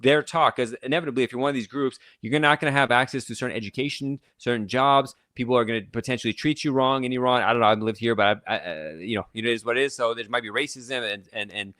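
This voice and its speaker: A man, a native Farsi speaker, explains immigration news at a rushed, tumbling pace, restarting phrases and piling on fillers as he gets excited. His voice sits at an ordinary middle pitch. The sound is dry and close, like a webcam mic in a small room. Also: no echo. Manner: fast, excited talk with many restarts and fillers. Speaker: immigration lawyer hosting a channel. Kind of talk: casual explainer talk to camera.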